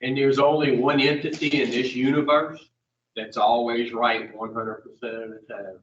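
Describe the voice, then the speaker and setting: A man's voice: mid-range voice, level tone, normal speed, a bit bright, a little hiss or hum. A man leading an addiction recovery group, blunt and profane, firing questions at his listeners. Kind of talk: blunt group teaching session. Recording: dull echoey room, mic far off.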